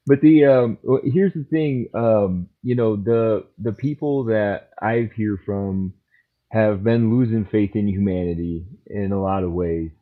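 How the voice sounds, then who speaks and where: A man who is a trauma counselor, co-hosting a podcast and speaking in a measured, reflective way with many pauses. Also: lowish voice. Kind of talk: casual podcast chat. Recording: tinny phone-like line.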